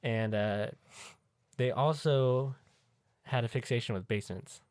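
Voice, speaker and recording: A man's voice: medium pitch, a little slow, a little mellow, smooth, no echo. A man co-hosting a podcast, chatting casually in a crude, joking way and laughing often. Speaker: podcast co-host. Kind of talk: casual chat.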